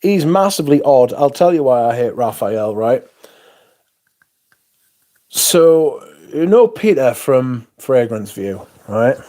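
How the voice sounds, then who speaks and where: Guy on his livestream, sweary rant, rambles, mid pitch. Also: big pitch swings, takes it slowly, dark tone. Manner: profane, ranting, rambling. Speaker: livestream host. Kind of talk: casual livestream chat.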